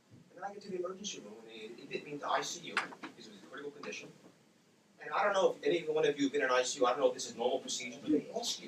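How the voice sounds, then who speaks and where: A man's voice: on the high side, rapid-fire. A man in his forties telling a personal story to an audience, acting out the voices of the people in it. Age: 40s. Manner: animated, acts out his own and others' words. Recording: roomy, distant, with background noise.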